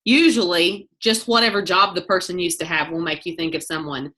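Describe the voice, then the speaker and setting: A woman leading a team training call, talking fast in a chatty way and often breaking off mid-sentence. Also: fairly low pitch, steady tone, sharp tone. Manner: fast, chatty, self-interrupting. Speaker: network marketing team leader.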